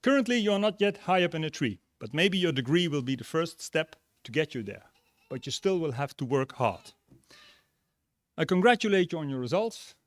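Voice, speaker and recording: A man giving a relaxed graduation speech and telling jokes and a story. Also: fairly high pitch, normal speed, no echo. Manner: relaxed, tells jokes and stories. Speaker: graduation speaker. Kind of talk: ceremonial speech.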